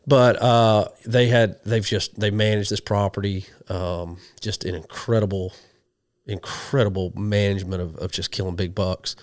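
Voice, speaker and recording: A man from western Oklahoma, a hunting show guest, telling animated stories in a casual interview and quoting people as he goes. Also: lowish voice, normal speed, no echo, studio quality. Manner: animated storyteller, quotes people in dialogue.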